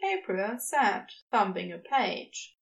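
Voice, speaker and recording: A woman reading a story aloud as narrator, with expressive delivery. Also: mid-range voice, slow, gravelly, highs cut off. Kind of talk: scripted narration.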